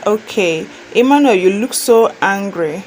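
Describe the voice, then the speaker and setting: A woman's voice: mid-range voice, animated, unhurried, darkish tone, a little hiss or hum, natural voice, poor audio. Woman reading as a playful Nigerian mother-in-law. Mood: teasing. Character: cheerful middle-aged mother-in-law, playful.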